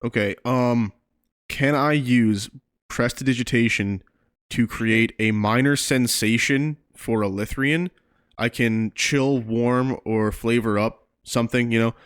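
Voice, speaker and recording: A man playing a tabletop game, animated and restarting often as he asks about his moves. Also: medium pitch, slow pace, clean tone, no echo, clean studio sound. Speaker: player. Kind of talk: casual tabletop game chat.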